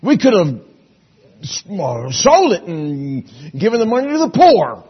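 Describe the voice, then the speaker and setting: A man's voice: high-pitched, wildly swooping pitch, measured pace, husky, lo-fi sound, pitched above the performer's own voice, exaggerated voice. A man voicing a self-serving disciple griping about a waste, indignant and raised.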